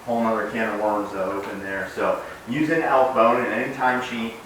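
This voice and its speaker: Here a young adult man, a dog trainer, speaks at a moderate pace in a lowish voice, casually walking through puppy training as he works with the dog. Between relaxed explanations come bright, sharp commands to the puppy. Slight background noise accompanies the recording, made with a distant mic in a very echoey room.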